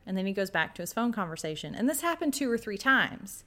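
A woman's voice: fairly high pitch, animated, brisk, hardly any pauses, fairly bright tone. A woman podcast co-host telling a story dramatically in a casual chat, acting out the quotes.

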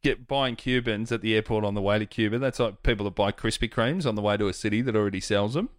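A man trades mocking quips and laughs easily as a podcast co-host. His voice is low, and the close mic leaves it dry, with no room sound. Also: fast, no echo. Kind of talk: comedic banter.

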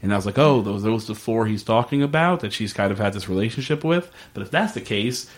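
A man's voice: lowish voice, quick pace. Chatty man recapping a TV episode. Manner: animated retelling with filler words, quotes characters in a lively voice. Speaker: podcast co-host recapping a TV episode. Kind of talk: casual chat.

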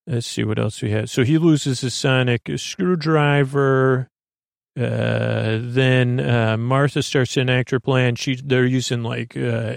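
A man's voice: mid-range voice, vocal fry, no room sound, studio quality. A man hosting a sleep podcast, loosely retelling a TV episode in a meandering way with many filler words. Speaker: podcast host.

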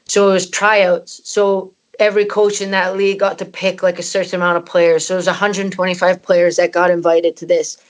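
A woman's voice: on the low side, flat delivery, fairly quick, few pauses. A woman in her thirties, originally from Canada, candidly telling an emotional personal story as an interview guest, with many "you know" fillers. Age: 30s. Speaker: footballer guest.

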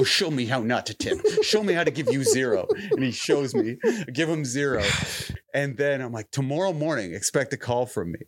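A man's voice: no room sound, clean studio sound. A young adult man on a podcast, telling a story in casual chat and acting out the quotes with laughter. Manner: animated, acts out quotes with rising pitch and laughter. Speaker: podcast host.

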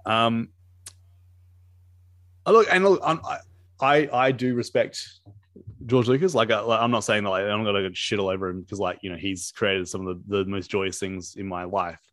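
A man's voice: fairly low pitch, fairly even intonation, normal speed, a bit bright, no room sound, studio quality. A man co-hosting a casual movie commentary chat, rambling with lots of fillers, restarts and laughter. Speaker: podcast co-host.

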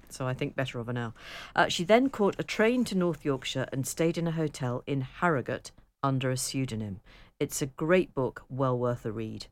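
A woman co-hosting a radio chat show, chatty and quick to laugh as she reads out listener emails. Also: a bass voice. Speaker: radio co-host.

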